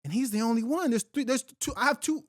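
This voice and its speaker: A man's voice: very high-pitched, quick pace, no room sound, clean studio sound. A middle-aged man hosting a podcast, ranting in a heated, profane, rambling way with slang and restarts. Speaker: podcast host. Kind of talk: unfiltered solo talk.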